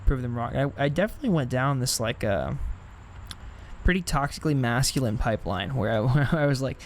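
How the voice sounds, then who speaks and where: A man's voice: mid-range voice, animated, a little fast, slight background noise. Candid, reflective young male podcast host. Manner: reflective, candid, laughs at himself. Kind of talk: casual chat.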